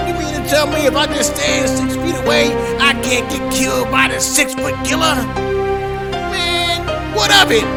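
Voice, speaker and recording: A man's voice: extremely high pitch, creaky, pitched above the performer's own voice, heavily acted. A man voicing a brash, street-talking male reverend in a comedy radio skit, drawling in a sing-song way and tacking "man" onto everything. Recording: loud hip hop music underneath.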